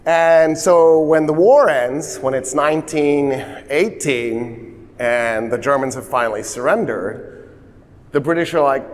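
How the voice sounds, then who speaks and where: A man telling history in a casual, lively way, slipping into voiced asides. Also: on the high side, unhurried. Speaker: history explainer. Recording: long reverb.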